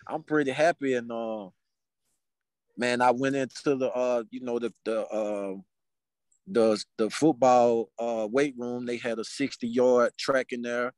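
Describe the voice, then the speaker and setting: Man telling a lively story, dry sound. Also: medium pitch, moderate pace, dry recording. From Mobile, Alabama, US. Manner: animated, acts out dialogue in quotes. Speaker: podcast guest. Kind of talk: casual storytelling.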